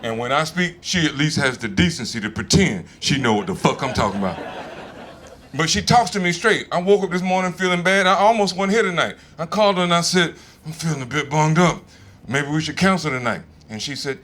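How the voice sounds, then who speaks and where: On a comedy stage before a live audience, a man in his fifties with a Southern American accent performs stand-up in a relaxed, conversational, profane style. His voice is a little high and brisk, with slight background noise.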